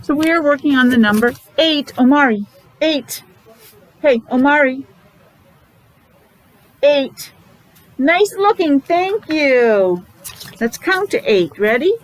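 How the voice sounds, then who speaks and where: A woman's voice: high-pitched, lively intonation, slow, pauses often, poor audio. A woman teacher leading a morning meeting for young children, talking in an exaggerated, encouraging sing-song.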